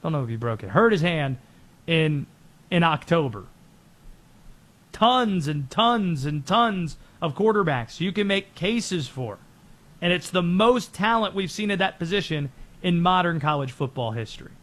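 A man hosting a sports show, giving rapid-fire, opinionated commentary on football and soccer. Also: on the high side, expressive, a bit bright.

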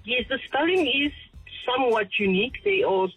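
A woman whose first language is Afrikaans calls in to a radio show. Her husky, high voice is dry and close, and she explains carefully. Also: very animated, normal speed, no echo, lo-fi sound, faint music behind. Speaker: caller.

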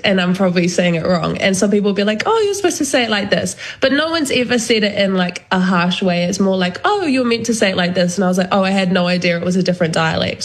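Woman interviewee, mid-range voice, reflective and halting, pauses often. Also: medium pitch. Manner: thoughtful, hesitant, many fillers. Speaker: guest, language learner. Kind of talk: casual interview answer.

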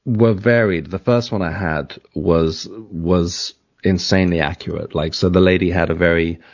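An English man, an author, answering on a radio interview in a reflective, halting way with many fillers and self-corrections. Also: deep voice, steady tone, lo-fi sound. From England.

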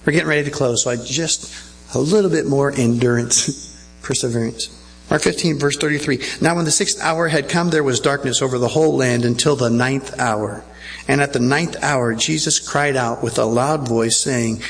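A man's voice: medium pitch, moderate pace, a little hiss or hum, rough recording. A male pastor preaching a sermon earnestly and checking in with his listeners.

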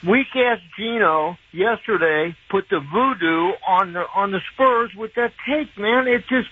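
Laid-back caller on a tinny phone. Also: male voice, sits high, a little slow. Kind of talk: call-in sports chat. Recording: tinny phone line with faint noise.

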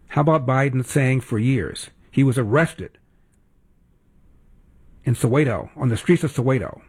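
A man's voice: mid-range voice, a little mellow, slightly rough. A man hosting talk radio, delivering sarcastic, emphatic commentary.

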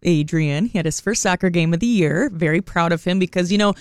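A woman in her thirties co-hosting a morning radio show, telling a story in an animated way and laughing often. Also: on the low side, a little fast, no room sound, studio quality. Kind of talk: casual radio chat.

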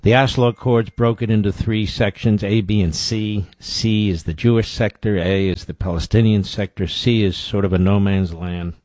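A man's voice: on the low side, steady tone, moderate pace, few pauses, darkish tone, no room sound. A man hosting a talk show, giving blunt, opinionated commentary and repeating words for stress.

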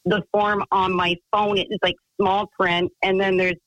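A woman's voice: mid-range voice, level tone, measured pace, fairly bright tone, dry recording, highs cut off. A woman calling in to a radio talk show, telling a long story in a chatty, rambling way full of fillers and restarts. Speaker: caller.

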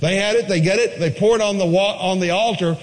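A man preaching a sermon, retelling a scripture story with lively swings between quiet asides and high, excited quoted voices. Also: quick pace, in a large hall, rough recording. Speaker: pastor.

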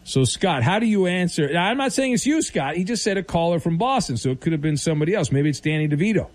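A man's voice: a little high, animated, fast. Playful male sports radio host. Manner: playful, teasing, mock-serious. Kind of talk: late-night sports radio banter.

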